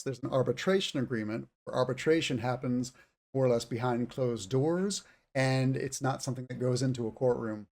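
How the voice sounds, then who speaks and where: A man's voice: mid-range voice, darkish tone. A man interviewing a guest and explaining terms for an audience of learners, thinking aloud as he goes. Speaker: interviewer and English teacher. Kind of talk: conversational interview for language learners.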